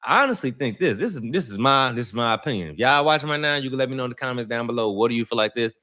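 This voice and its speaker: A man's voice: mid-range voice, animated, very fast, pushed and bright. A man hosting his own channel, telling a story in casual slang and acting out the quotes. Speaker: channel host. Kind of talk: casual commentary to camera.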